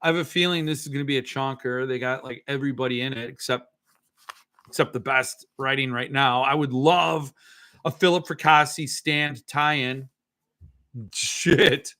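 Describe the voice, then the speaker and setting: A man's voice: medium pitch, steady tone, normal speed, sharp tone, smooth. A man hosting a casual livestream, rambling and swearing as he answers viewer comments, a bit tipsy. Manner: rambling, swearing, self-correcting. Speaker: livestream host.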